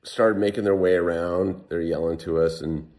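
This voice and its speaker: Man, very low voice, casual storytelling, animated, lots of "like". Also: normal speed. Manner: animated, heavy use of "like". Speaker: guest telling a survival story.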